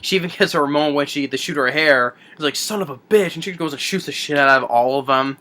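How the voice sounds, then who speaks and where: Bright-voiced man rambling through a movie recap. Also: quick pace. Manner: rambling, many restarts and fillers; acts out movie lines in a higher voice. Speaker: film reviewer.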